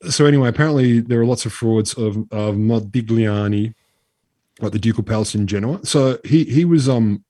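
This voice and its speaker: A man's voice: fairly low pitch, moderate pace, mellow, no room sound. A man from Australia co-hosting a casual science chat, telling a story with lots of fillers and restarts. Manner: rambling storyteller, hesitant fillers. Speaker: podcast co-host.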